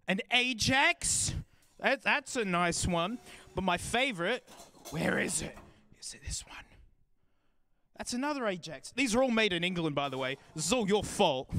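A man's voice: extremely high pitch, bright, forceful tone. An Australian man hosting a live stream in a casual, joking and rambling way, laughing often and drifting away from the mic as he moves around. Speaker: livestream host.

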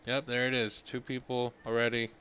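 A man's voice: mid-range voice, flat delivery, moderate pace, pushed and bright, smooth. A man streaming a game, with playful casual commentary, chatting to viewers and muttering asides to himself. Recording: noisy stream recording.

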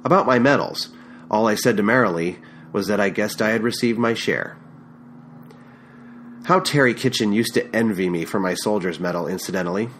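A man narrating a novel in the first person with a measured, even reading and small stumbles, recorded at home on a USB condenser mic. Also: on the low side, slight background noise. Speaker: audiobook narrator. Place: home room with minimal treatment.

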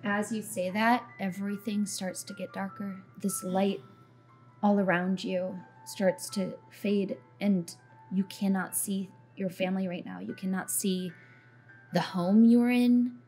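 A woman's voice: medium pitch, fairly even intonation, measured pace, warm tone, faint music behind. A woman narrating a tabletop role-playing game as dungeon master, describing scenes in a loose, meandering way with fillers.

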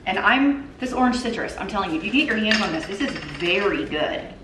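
A woman's voice: medium pitch, expressive, fairly quick, background noise. A woman in her thirties, a mother chatting casually to viewers as she cooks in her home kitchen. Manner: chatty and upbeat, talks to viewers while cooking. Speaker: cooking vlogger, mother. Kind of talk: casual cook-along chat. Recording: echoey kitchen room.

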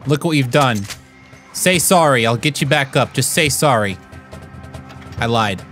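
Animated goofy man doing gameplay commentary. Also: medium pitch, unhurried, faint music behind. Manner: goofy, mock-serious, yelling playful threats at other players. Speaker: gaming YouTuber.

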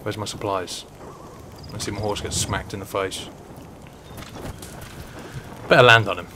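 A man's voice: on the low side, fairly even intonation, unhurried, noisy background. Joking man streaming a game. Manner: joking, chatty, talks to the game characters. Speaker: gaming streamer. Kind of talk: casual live-stream commentary.

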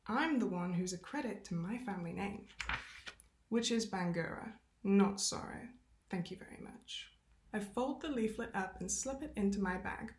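Expressive female reader of a novel, mid-pitched, with self-aware asides, roomy room sound. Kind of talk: reading a novel aloud. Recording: roomy echo.

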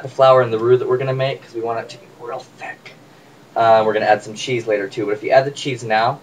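A man casually demonstrating a recipe in his home kitchen, chatty and joking with viewers. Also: fairly low pitch. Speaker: home cook vlogger. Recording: distant mic with faint room noise.

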